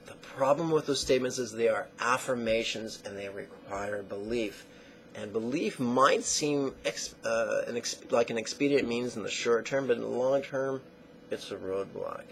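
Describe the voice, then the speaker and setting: A man teaching a guided meditation lesson in slow, deliberate phrases that trail off into soft near-whispers. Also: mid-range voice, gravelly, slight background noise, poor audio.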